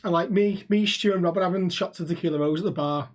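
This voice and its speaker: A man's voice: high voice, quick pace. A man, co-hosting a podcast and telling sweary, laughing anecdotes in casual banter. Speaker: podcast co-host.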